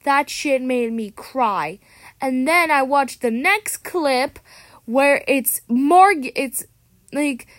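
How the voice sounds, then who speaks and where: A woman's voice: high-pitched, lively intonation, extremely slow, a bit bright, dry recording. Chatty, sarcastic teen girl vlogger. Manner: chatty, dramatic and sarcastic, with frequent self-corrections. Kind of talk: casual rant to camera. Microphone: tablet microphone.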